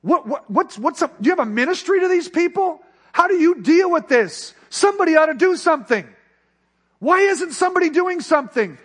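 A man's voice: extremely high pitch, animated, fairly quick, fairly bright tone, pitched above the performer's own voice. A preacher acting out an indignant male pastor who fires off demanding questions. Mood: outraged.

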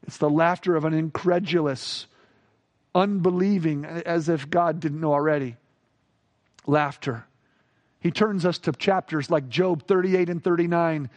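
A man preaching a sermon with expressive delivery, acting out quoted voices and rising sharply for emphasis. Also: high-pitched. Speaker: pastor.

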